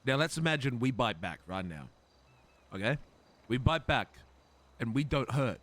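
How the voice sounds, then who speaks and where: Bright, animated man in a roleplay. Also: medium pitch, moderate pace. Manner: exasperated, defensive, swearing, stammers when worked up. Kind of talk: in-character GTA roleplay.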